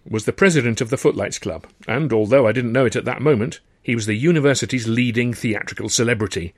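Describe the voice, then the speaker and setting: A man's voice: mid-range voice, no echo, studio quality. A man reading his own comic novel aloud in a wry, understated storytelling manner. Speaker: narrator, author. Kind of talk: audiobook narration.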